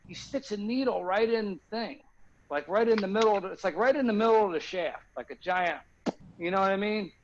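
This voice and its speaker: A man's voice: sits high, a little fast, lo-fi sound, a little hiss or hum. A man telling a rambling comic story on a video call, often asking if the listener follows him. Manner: rambling, keeps asking "you know what I mean?". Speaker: guest comedian.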